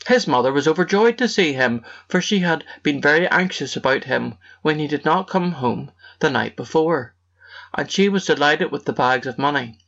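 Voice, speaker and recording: Male storybook narrator, gravelly, steady read-aloud rhythm, muffled audio. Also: on the high side.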